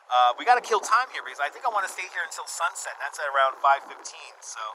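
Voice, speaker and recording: A man hosting a live walking tour stream outdoors by a harbor, excitable and out of breath, thanking donors effusively through a clip-on mic. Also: a little high, fast, a little hiss or hum, poor audio. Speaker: livestream host. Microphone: wireless clip-on mic.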